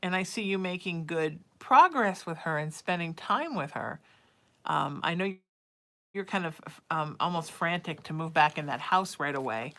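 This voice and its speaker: Bright-toned woman psychic host. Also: low voice, lively intonation, normal speed. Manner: affectionate, calls listeners sweetie and baby. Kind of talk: casual live-stream chat.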